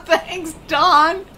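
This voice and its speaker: Excitable older woman streaming a game. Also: extremely high pitch. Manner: exclamatory, gasping, talks to herself. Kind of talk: excited live gameplay commentary. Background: loud game music.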